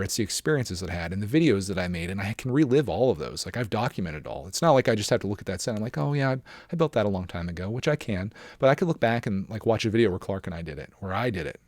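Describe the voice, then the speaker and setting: A man's voice: lowish voice, darkish tone, no echo, clean studio sound. A man in his thirties hosting a casual solo podcast, chatting in an upbeat, encouraging, rambling way. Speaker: podcast host.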